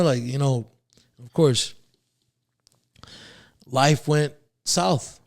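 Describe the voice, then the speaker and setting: Gravelly-voiced man telling his story. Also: a little high, measured pace, long pauses. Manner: profane, laid-back, with chuckles and restarts. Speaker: podcast guest. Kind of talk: casual storytelling about his life.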